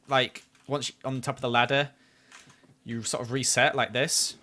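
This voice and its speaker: A man's voice: mid-range voice, little pitch movement, moderate pace, bright, forceful tone. A man chatting through a live game stream, criticizing his own play and flaring up at near misses. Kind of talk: live gameplay commentary.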